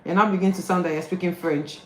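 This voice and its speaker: A woman teaching an online group class, correcting and prompting students in a direct, brisk way over a video call. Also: on the low side, fairly even intonation. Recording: echoey room, faint background noise.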